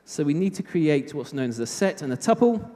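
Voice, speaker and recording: A man's voice: fairly high pitch, sing-song, fairly quick, dark tone. A British man giving a live technical talk at a conference, chatty with self-mocking humor. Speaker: conference speaker. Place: conference hall. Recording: reverberant hall.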